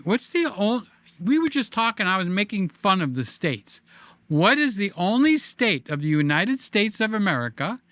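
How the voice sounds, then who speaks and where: A man with a high, bright and clear voice hosts a casual live-stream, reading out viewer comments. He talks slowly and teases in a playful, jokey way. His words get drawn out and sing-song. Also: dry recording.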